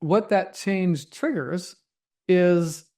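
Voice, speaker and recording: Man with a fairly high voice, talking casually as he teaches. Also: drawn-out words, dark tone. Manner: conversational, with many fillers, self-corrections and acted inner thoughts. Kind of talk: guided story and lesson.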